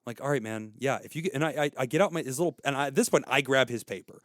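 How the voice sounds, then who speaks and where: A middle-aged man and podcast co-host, telling an animated, profane story and acting out the people in it. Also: mid-range voice, racing, no room sound, clean studio sound. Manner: profane, ranting, acts out quoted people. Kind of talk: casual chat, animated storytelling.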